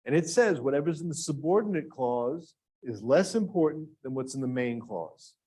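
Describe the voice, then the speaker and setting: Male workshop instructor, mid-pitched and engaging, quizzes his audience. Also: lively intonation, moderate pace, dark tone, breathy edge. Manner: engaging, asks the audience questions. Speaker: grant writing workshop instructor. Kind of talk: live workshop lecture. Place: classroom with live and remote audience.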